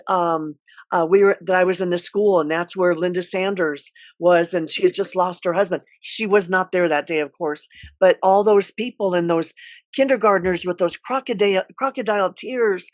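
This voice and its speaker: A middle-aged woman school counselor telling a personal story in an earnest, halting way, with many restarts. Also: on the low side, no echo.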